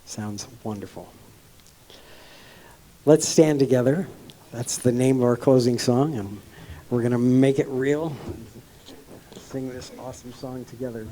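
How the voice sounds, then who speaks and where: Man, service leader, halting delivery full of fillers, unhurried pace, faint background noise. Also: mid-range voice. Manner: halting, warm-hearted, many ums and uhs. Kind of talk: church announcements.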